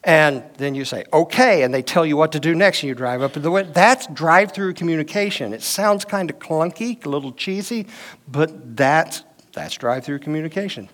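A man's voice: on the high side, moderate pace. Conversational man teaching a marriage class. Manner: conversational, uses personal anecdotes and quoted dialogue. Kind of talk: teaching session with audience questions.

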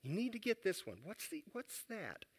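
A man's voice: high voice, huge pitch swings, normal speed, husky. A man teaching a Bible lesson in a conversational way, repeating key phrases and asking his listeners questions. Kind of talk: sermon-style Bible lesson.

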